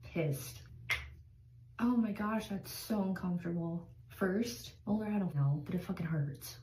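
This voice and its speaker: A woman's voice: on the low side, measured pace, mellow. A young woman talking anxiously in a confessional vlog, close to tears. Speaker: vlogger in a played clip. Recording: echoey room with background noise.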